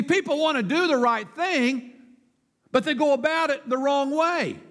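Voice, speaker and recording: Male pastor, very high voice, emphatic sermon, long reverb in a church. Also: a bit bright. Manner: emphatic, rhetorical questions, declamatory.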